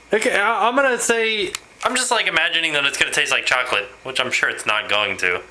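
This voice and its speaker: Bright, high-voiced young man vlogging. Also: slight background noise, poor audio. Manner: rambling, animated, quick to laugh. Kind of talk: casual vlog chat.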